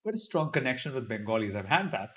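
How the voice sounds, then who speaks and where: Reading out viewer comments on his YouTube live stream, this host answers in a chatty, self-deprecating way during a casual Q&A. His medium-pitched voice is fairly bright, fast, and full of big pitch swings.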